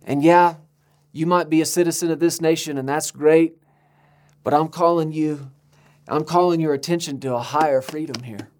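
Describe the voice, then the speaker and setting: American male preacher, emphatic sermon delivery, slightly high voice. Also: fairly even intonation, a little mellow. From United States. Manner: emphatic, slows to stress key words, rises to high pitch for appeals.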